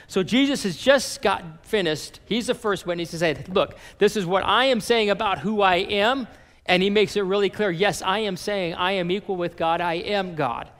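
A man preaching a sermon as a pastor, reading and paraphrasing scripture with animated emphasis. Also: high-pitched, moderate pace, in a large hall.

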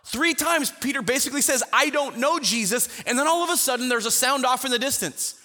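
A man teaching a Bible study in a conversational way, telling the story with lively acted-out quotes. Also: very high voice, fairly quick, in a large hall. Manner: animated storyteller who acts out the quotes.

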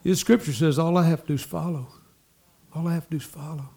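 A man preaching a sermon, talking to the congregation in asides and repeating lines as he builds to loud exhortation. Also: on the high side, steady tone, fast talker, gravelly. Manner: impassioned, repetitive preaching that swells to loud exhortation. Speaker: pastor.

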